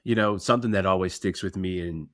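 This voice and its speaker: Male co-host, former player, very low voice, relaxed conversational delivery, dry close mic. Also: fast talker, no room sound. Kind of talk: casual chat.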